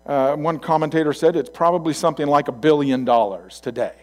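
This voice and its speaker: A male pastor giving a sermon in a conversational storytelling way, swinging from loud to quiet asides. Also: a little high, a little fast.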